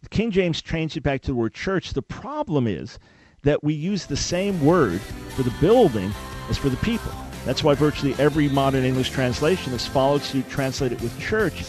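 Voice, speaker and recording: A man's voice: medium pitch, animated, normal speed, over music. A man hosting a Christian talk radio show, teaching emphatically and quoting scripture like a preacher.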